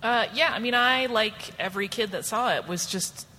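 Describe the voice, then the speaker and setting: Woman in her 40s, bright tense tone, earnest panel talk, echoing convention hall. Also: on the high side, moderate pace, slight background noise. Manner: earnest, reflective storytelling. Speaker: podcast host, panelist. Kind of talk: panel discussion. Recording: long hall reverb, faint ambience.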